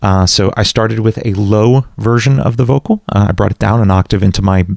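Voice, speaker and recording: Relaxed man explaining music production, gravelly. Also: on the low side, brisk, no room sound, clean studio sound. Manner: relaxed, self-deprecating explaining with fillers. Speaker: music producer and channel host. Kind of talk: production breakdown tutorial.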